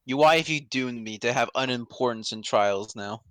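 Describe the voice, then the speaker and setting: Bright, laughing young man swearing. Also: medium pitch, moderate pace, no echo. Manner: joking, swears often, laughs a lot. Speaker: streamer voicing a game. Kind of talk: casual chat with friends.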